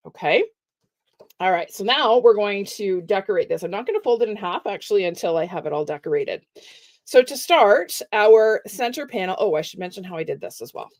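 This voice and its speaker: A middle-aged woman giving a chatty, step-by-step live craft tutorial with soft asides. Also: medium pitch. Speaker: card-making demonstrator.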